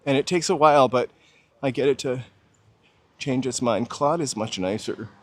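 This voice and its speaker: A man's voice: mid-range voice, normal speed, a little hiss or hum. A man with a plain General American accent talks casually as he walks down a city street. He muses aloud, drifts between thoughts and stops to reply to his livestream viewers. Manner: chatty, musing aloud, answering viewers' chat. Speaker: walking tour livestream host. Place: outdoors on a city street while walking.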